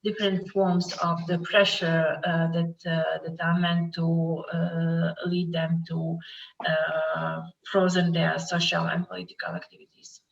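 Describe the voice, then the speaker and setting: Halting Polish woman on a video call. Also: on the low side, level tone, vocal fry. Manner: halting, many fillers. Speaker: guest from a human rights group. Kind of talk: online panel talk. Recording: distant lo-fi video call audio.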